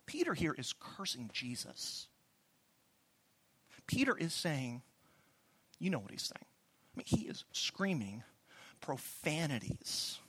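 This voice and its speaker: A man's voice: a little high, a bit bright, no room sound. A man preaching a sermon, telling the story with animation and acting out the voices he quotes. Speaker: pastor.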